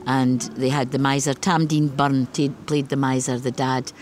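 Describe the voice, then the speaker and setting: A woman's voice: a bass voice, level tone, moderate pace, darkish tone, a little hiss or hum. A woman with a Scottish accent, a poet and playwright, speaking thoughtfully in an interview. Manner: thoughtful, reflective, with some hesitation. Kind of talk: conversational interview. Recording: music playing under the speech.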